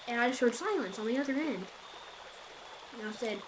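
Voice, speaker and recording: Woman telling horror stories, slightly high. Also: brisk, a bit bright, a little hiss or hum. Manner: rambling, conversational, addresses viewers directly. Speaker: storyteller. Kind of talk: casual spoken horror storytelling.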